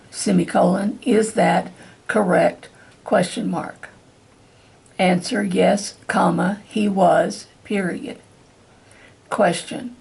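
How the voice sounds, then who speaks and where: Slow, husky woman reading dictation. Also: medium pitch, a little mellow. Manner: slow, deliberate, evenly paced reading. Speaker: dictation reader for court reporting practice. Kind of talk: slow dictation with spoken punctuation.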